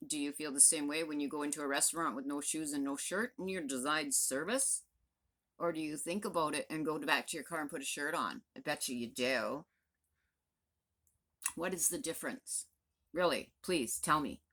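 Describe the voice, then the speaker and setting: A woman in her fifties, a vlogger, vents straight to the camera in an exasperated, blunt, profane rant. Her low voice moves fairly quickly and has a bit of brightness.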